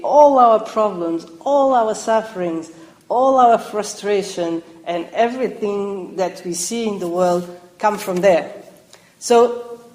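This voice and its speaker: Slow, reflective woman giving a dharma talk. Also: medium pitch, a little mellow. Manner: reflective, with light laughs and restarts. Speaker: meditation teacher. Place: retreat hall. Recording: roomy hall reverb.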